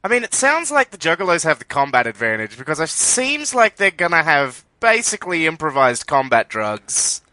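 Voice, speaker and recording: A man's voice: a little high, sing-song, normal speed, few pauses, pushed and bright, no room sound. An Australian man co-hosting a casual podcast, wry and jokey, thinking aloud with ums. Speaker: podcast co-host. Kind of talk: casual chat.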